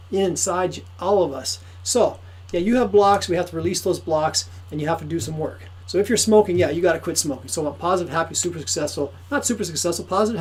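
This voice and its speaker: A man giving an excitable, repetitive motivational sales pitch to camera for his course. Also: slightly rough, rough recording. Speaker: course promoter.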